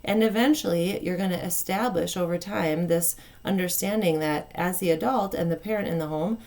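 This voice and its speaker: A woman coaching parents, speaking calmly and kindly and acting out what a parent and a child might say. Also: lowish voice, normal speed. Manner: calm, kind, plain-spoken, acts out parent and child phrases. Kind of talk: advice talk to camera.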